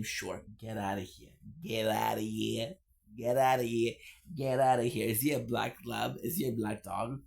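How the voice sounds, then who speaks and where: A man's voice: mid-range voice, creaky, darkish tone. Streamer, male, playful and teasing in casual chat, repeats lines for laughs. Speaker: live streamer reading chat.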